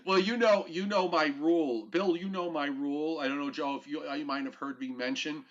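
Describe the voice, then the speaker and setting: A man's voice: a little high, fairly even intonation, a little fast, lo-fi sound. A man hosting a weather show, talking through forecast maps in a casual, joking way with many fillers.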